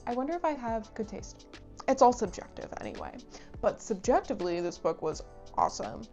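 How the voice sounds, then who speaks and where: A woman's voice: on the high side, sing-song, fairly quick, vocal fry, darkish tone, dull audio, faint music behind. A young woman hosting a book review vlog, chatting casually in a bubbly, gushing way with lots of "like" fillers. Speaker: book reviewer and channel host.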